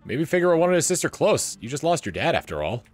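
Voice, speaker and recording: A man's voice: a little high, very animated, fast talker, faint music behind. A man giving wry live commentary while playing a video game and reading in-game text aloud. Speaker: game streamer.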